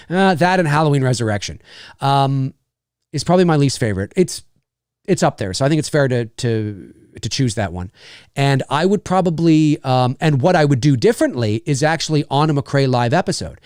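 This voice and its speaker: A man chats loosely through viewer questions on his own channel, his pitch swinging widely as he rambles from one half-finished thought to the next. He sits a touch higher than most men, and the sound is close and dry, with no room around it. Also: dry recording. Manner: rambling and animated, full of fillers and restarts, swearing. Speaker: channel host. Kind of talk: casual live Q&A chat.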